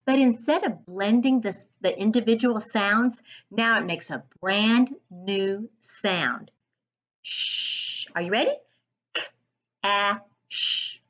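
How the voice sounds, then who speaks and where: A woman's voice: a little high, muffled recording. A woman reading teacher leading a phonics lesson for children, sounding out each letter and praising along the way.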